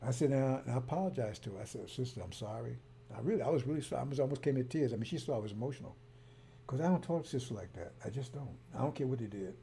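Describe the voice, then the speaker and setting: A man's voice: medium pitch, lively intonation, very fast, mellow, a little hiss or hum. A man telling a story and ranting in a heated, rambling way, repeating himself often. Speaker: broadcaster. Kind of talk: casual monologue.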